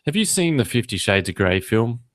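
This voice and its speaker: An Australian man hosts a podcast in loose, casual chat. He jokes and goes off on rants at a middling pitch. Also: sing-song, brisk, a bit bright. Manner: joking, ranting. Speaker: podcast host.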